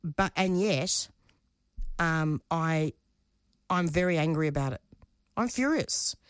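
Low-voiced woman speaking frankly as guest. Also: animated, clean tone, dry recording, studio quality. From Australia. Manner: halting, repeats words, emotional and frank. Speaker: radio show producer and host. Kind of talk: interview guest, candid conversation.

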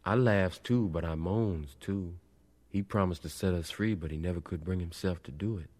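A man's voice: sits low, normal speed, a little mellow. A man doing a sorrowful old woman. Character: old woman singer of spirituals, sorrowful and wise.

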